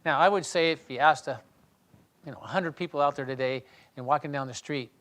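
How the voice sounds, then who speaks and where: A man with a slightly higher voice than most leads a small Bible study. He reads scripture aloud and then talks it over in a loose, conversational way. He thinks aloud, restarts his sentences and often clears his throat. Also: a little fast, fairly bright tone. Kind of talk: reading scripture and discussing it in a small group.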